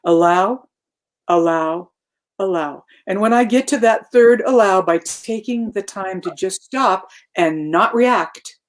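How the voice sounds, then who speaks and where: A woman's voice: medium pitch, a little slow, few pauses. Woman, talk show guest, reflective spiritual chat, repeats words.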